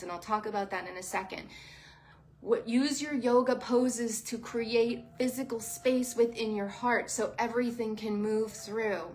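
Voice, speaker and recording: A woman who teaches sound healing and yoga, giving a soft, heartfelt livestream talk to her viewers. She sounds close to tears. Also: a little high, a little hiss or hum. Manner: soft, emotional, heartfelt, addresses viewers as "you guys". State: near tears.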